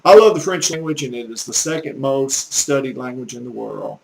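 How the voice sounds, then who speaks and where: An older man with a Southern US accent from the Gulf Coast speaks in a medium-pitched, gravelly voice at a fairly quick pace. He's a language teacher telling folksy, earnest, somewhat preachy stories in a casual, rambling monologue. The rough recording carries slight background noise.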